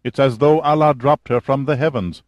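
A man putting on a jittery intelligence colonel, his voice pitched noticeably higher and pushed a little louder. He sounds anxious and eager to please his commander, and the audiobook recording is dry and close. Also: moderate pace, dry recording, close to an everyday voice. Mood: nervous. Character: nervous middle-aged male intelligence colonel.

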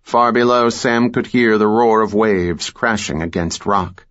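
Male audiobook narrator, low and slow, lo-fi sound. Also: level tone, fairly bright tone. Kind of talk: scripted thriller narration.

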